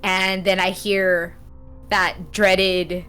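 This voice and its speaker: Laughing, animated woman telling a story. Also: medium pitch, very slow, smooth, faint music behind. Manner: animated storyteller, laughs often, acts out quotes. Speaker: podcast guest, game streamer. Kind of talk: casual interview storytelling.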